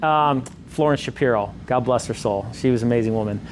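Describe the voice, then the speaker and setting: A man's voice: medium pitch, a little fast, slight background noise. A middle-aged man as a sales coach, talking emphatically and repeating his points in a coaching session.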